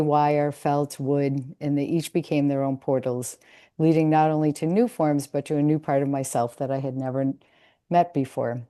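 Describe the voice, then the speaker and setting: A woman presenting her art project in a reflective, measured talk partly read from notes. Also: low-pitched, warm tone.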